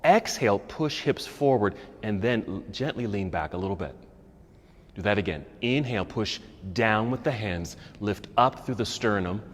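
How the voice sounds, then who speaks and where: An American man leading a yoga class, giving calm step-by-step cues for poses and breath. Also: lowish voice, moderate pace, long reverb tail. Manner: calm instructive cueing, breath counts. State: slightly out of breath. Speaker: yoga instructor. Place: yoga studio.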